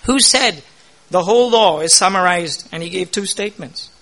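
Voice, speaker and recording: A man preaches in a high, bright voice. He keeps putting questions to the congregation and answering them himself. He grows louder and more forceful on his key points. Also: moderate pace. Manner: emphatic, rising loud on key points. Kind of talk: sermon.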